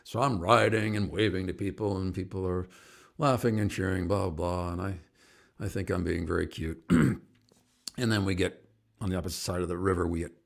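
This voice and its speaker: A man's voice: low voice, moderate pace, vocal fry. A middle-aged man, a singer and activist, rambles and chuckles as he tells stories and greets viewers by name on his live online show. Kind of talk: casual live-stream storytelling.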